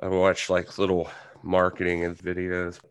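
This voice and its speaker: A man's voice: deep voice, monotone, moderate pace, clean tone, dry recording. A man co-hosting a podcast, chatting in an easygoing, supportive way. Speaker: podcast co-host. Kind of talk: casual podcast chat.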